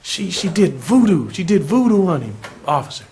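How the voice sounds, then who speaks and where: A man's voice: high-pitched, big pitch swings, normal speed, darkish tone, a little hiss or hum, voice pushed up. Frightened pleading neighbors, voiced by a man, stammering and urgent.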